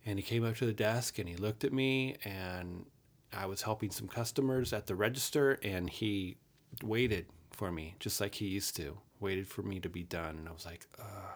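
A man's voice: lowish voice, moderate pace. A man in his fifties telling a personal story from his youth in a frank, earnest way, with casual swearing.

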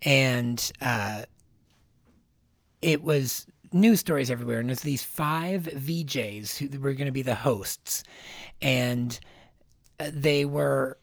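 A man's voice: mid-range voice, takes it slowly, vocal fry, no echo, studio quality. A man co-hosting a podcast, chatting in a rambling, easygoing way and laughing easily. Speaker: podcast co-host. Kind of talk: casual chat about pop culture.

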